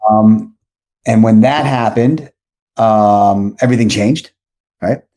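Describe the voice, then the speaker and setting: This low, slow male voice belongs to a podcast guest in his forties who wanders through a lengthy tale. He often stops to correct himself, and he tells his anecdotes with lively, casual energy.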